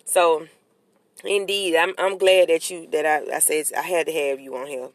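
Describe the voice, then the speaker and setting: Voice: medium pitch, normal speed, dry recording. Dry close-miked chatty podcast host. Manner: animated, preachy, repeats affirmations. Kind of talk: casual chat.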